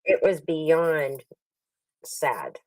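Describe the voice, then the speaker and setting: Laughing, storytelling woman, low voice. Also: extremely slow, no echo, distant mic, rough recording. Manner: animated storyteller, laughs often, acts out other people's lines. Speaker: livestream host. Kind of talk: casual chat.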